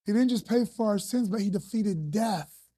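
A woman's voice: mid-range voice, normal speed, warm tone, slightly rough, no room sound, studio quality. Casual, slangy woman preacher. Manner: conversational, slangy, emphatic. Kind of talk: sermon.

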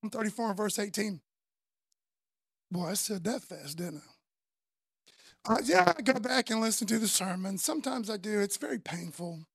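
A man, preaching a sermon in a loose, conversational way, often tagging lines with "man" and dropping from loud to soft. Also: high voice, expressive, moderate pace, gravelly, pauses often, breathy edge, no echo, studio quality. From Florida, US. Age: 50s. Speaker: pastor.

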